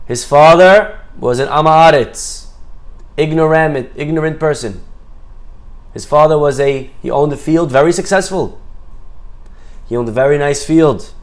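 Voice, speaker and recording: A man's voice: fairly high pitch, measured pace, long pauses. A man teaching a Torah class, telling a story with Hebrew phrases mixed in and acting out the characters' voices. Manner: lively storyteller, acts out quoted voices.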